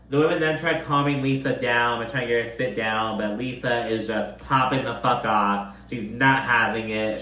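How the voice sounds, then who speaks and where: A man's voice: medium pitch, fairly bright tone. A man giving a casual, profane and gossipy recap of a reality TV episode. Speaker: recap commentator. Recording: echoey room.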